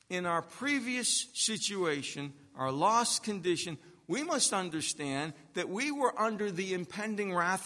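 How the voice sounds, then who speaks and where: A man delivers a sermon at an unhurried pace, leaning on single words and letting his voice swell for emphasis. His tone is bright and sits slightly high. The sound carries a long hall reverb. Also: sing-song. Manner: slow, emphatic preaching with long pauses and swells in loudness. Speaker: pastor.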